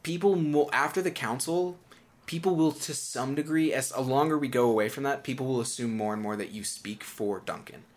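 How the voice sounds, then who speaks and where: A man's voice: mid-range voice, brisk. A young man running a tabletop game as game master, chatty with lots of asides.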